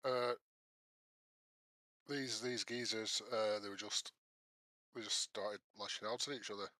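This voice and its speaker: A man speaking quietly and offhand while playing a tabletop game. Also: fairly low pitch, fairly even intonation, moderate pace, no echo. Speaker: player. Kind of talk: tabletop role-play chat.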